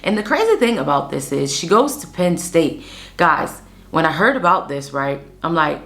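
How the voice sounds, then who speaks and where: Chatty low-voiced woman hosting true crime. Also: animated, moderate pace, a bit bright. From Pennsylvania. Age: 30s. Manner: chatty, addresses listeners as guys. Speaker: host. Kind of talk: casual true-crime storytelling.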